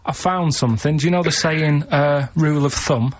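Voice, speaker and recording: A man with a Manchester accent, a radio show regular, telling rambling anecdotes in a deadpan way. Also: on the high side, normal speed. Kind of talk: casual radio banter. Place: radio studio. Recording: dull radio sound with faint hiss.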